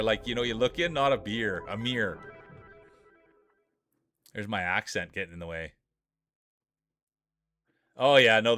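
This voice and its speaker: A man's voice: medium pitch, sharp tone, no room sound, studio quality. Joking hype-man marble race streamer. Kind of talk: live marble race commentary.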